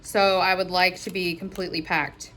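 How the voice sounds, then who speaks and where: A woman vlogger chatting casually to her viewers in a gushing, excitable way, often gasping. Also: lowish voice, normal speed, a little hiss or hum. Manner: gushing and excitable, with frequent gasps. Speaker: crafting vlogger. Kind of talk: casual vlog chat.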